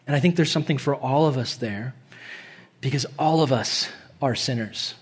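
A young man preaching a sermon in a church, casual and animated, laughing often and acting out quotes in a higher voice. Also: normal speed, slightly rough. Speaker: pastor. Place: church hall.

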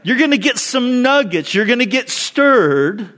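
A man pastor giving a sermon, talking in a conversational, animated way and telling stories with asides to the congregation. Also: very high voice, a little slow.

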